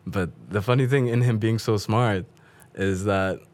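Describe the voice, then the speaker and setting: A man's voice: lowish voice, fairly even intonation, a little slow, darkish tone. A man being interviewed as a guest comedian, chatting casually, often laughing as he tells stories.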